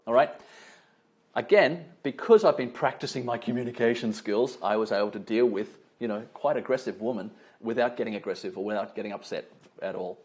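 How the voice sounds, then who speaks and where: A man's voice: lowish voice, brisk, darkish tone. A man giving a live online training talk on communication, conversational and anecdotal, checking in with his audience with frequent "all right?"s. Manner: tells anecdotes with light laughter.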